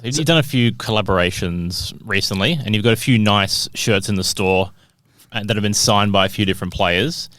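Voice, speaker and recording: A man's voice: fairly low pitch, normal speed, fairly bright tone, no echo, clean studio sound. A man co-hosting a podcast, asking a guest questions in an easygoing, slightly hesitant way. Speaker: podcast co-host. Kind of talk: casual interview chat.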